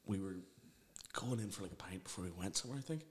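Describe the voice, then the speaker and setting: A young man, chatting casually as a podcast guest, rambling through stories, swearing freely and acting out quotes loudly. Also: low-pitched, fast talker. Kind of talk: casual chat.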